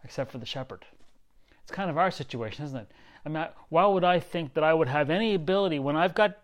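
A man's voice: a little high, a little fast. Man preaching, reading scripture aloud. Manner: reads verses then muses aloud with rhetorical questions and chuckles. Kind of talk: informal sermon with scripture reading.

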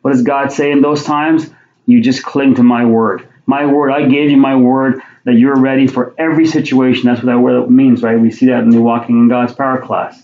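A man's voice: mid-range voice, level tone, normal speed, darkish tone. A man preaching a sermon, reading Bible verses aloud and then explaining them in plain conversational talk, often repeating his words. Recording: roomy, dull lo-fi sound.

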